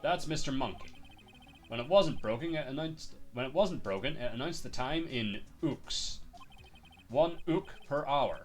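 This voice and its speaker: A man's voice: mid-range voice, lively intonation, normal speed, faint music behind. A male streamer reading a detective game's dialogue aloud, switching voices for each character.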